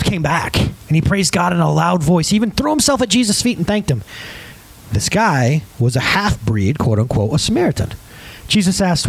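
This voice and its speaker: A man's voice: high voice, no echo, poor audio. A male pastor preaching a conversational sermon, emphatic, often asking the congregation questions.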